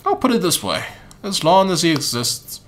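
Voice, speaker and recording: A man voicing a polite, sinister, unaging male figure with a put-on British manner and slow, theatrical delivery while reading game dialogue. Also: on the high side, sing-song, fairly bright tone, voice pushed up. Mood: genteel menace. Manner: mock-British, genteel, drawn-out theatrical delivery. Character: polite sinister male being, unaging, in a borrowed boy's body.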